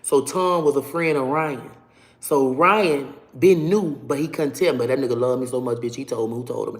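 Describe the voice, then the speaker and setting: A woman telling a personal story to her viewers in a casual, animated and profane way. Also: low-pitched, normal speed. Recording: roomy echo.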